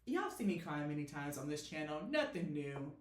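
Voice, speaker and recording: A young woman hosting a movie reaction channel, exclaiming loudly and cursing freely as she reacts. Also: sits low, very animated, moderate pace. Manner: loud, exclaiming, heavy cursing. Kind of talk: emotional movie reaction commentary. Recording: roomy echoey room.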